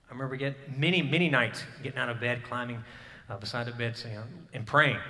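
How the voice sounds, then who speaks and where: A man's voice: mid-range voice, steady tone, quick pace, sharp tone. A man in his thirties preaching a sermon, telling a personal story in an earnest way and rising to emphatic bursts. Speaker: pastor. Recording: hall reverb.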